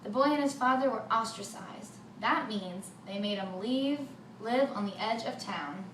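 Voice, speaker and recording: A woman telling a folk tale for children, with lively sound effects, in a roomy recording from a distant mic with faint noise. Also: mid-range voice, measured pace. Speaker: storyteller.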